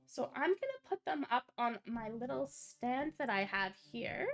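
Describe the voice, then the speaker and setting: A woman hosting a casual livestream, sick with a cold, with a low sultry tone, gushing and reading viewer comments aloud. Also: very animated, unhurried, faint music behind. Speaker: livestream host.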